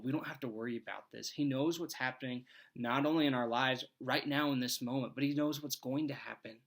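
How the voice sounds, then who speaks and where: A man's voice: medium pitch, a bit bright. A man reading scripture aloud and reflecting on it in an earnest, conversational devotional talk, thinking aloud as he goes. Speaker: devotional speaker.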